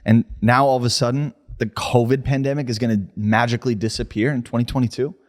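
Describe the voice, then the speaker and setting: A man's voice: medium pitch, fairly even intonation, quick pace. Man, podcast co-host, casual comedic chat, ranting, swearing. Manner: playful, ranting, swears, tries accents.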